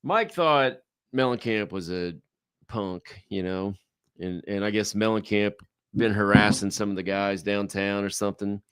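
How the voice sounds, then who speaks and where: A man co-hosts, reading out listener questions in an upbeat, quick way. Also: fairly low pitch, a bit bright, clean tone, no echo. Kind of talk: casual chat.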